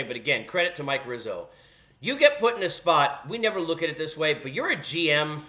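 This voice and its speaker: A male sports talk host rants on his own, sarcastic and scolding toward fans. His voice sits high for a man and swings widely in pitch. The tone is bright and forceful throughout. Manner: emphatic, animated delivery. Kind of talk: solo sports talk rant.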